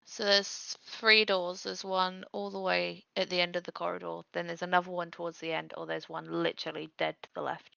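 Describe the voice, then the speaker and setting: A woman's voice: fairly low pitch, flat delivery, brisk, creaky, few pauses, sharp tone, no room sound, dull audio. A woman playing in an online tabletop game session, chatting casually and teasing the others. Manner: teasing, laughs often.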